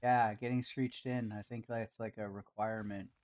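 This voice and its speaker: A man's voice: fairly low pitch, level tone, moderate pace, a little mellow. A man streaming a game build live, chatting casually with his co-host and viewers and muttering to himself as he works.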